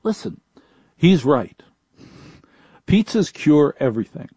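A man's voice: medium pitch, moderate pace, warm tone, no room sound. A man hosting a live call-in radio show from home, chatty and wry, often repeating his phone number. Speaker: radio talk show host. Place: home studio in a laundry room.

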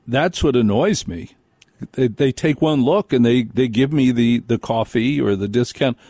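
A man's voice: mid-range voice, measured pace, mellow, no room sound, clean studio sound. An older man hosting a live radio talk show, chatting in a folksy, rambling way and slipping into mock voices.

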